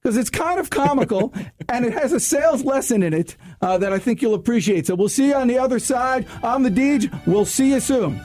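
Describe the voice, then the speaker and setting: A man hosting a sales radio show, talking high and swinging his pitch all over. His voice is mellow and warm even when he gets loud and preachy. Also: a little fast, soft background music. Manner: animated, preachy, laughs at himself. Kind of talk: sales talk radio monologue.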